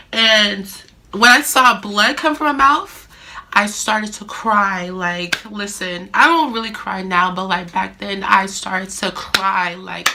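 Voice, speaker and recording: A young adult woman vlogger telling a story in a chatty, animated way, full of fillers. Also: mid-range voice. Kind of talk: casual storytime.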